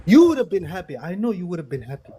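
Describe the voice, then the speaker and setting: A man from Somalia answering firmly and deliberately in a live panel debate, often addressing the other man as brother. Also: high-pitched, sing-song, dark tone, a little hiss or hum. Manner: measured, firm, calls listener brother. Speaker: panel participant.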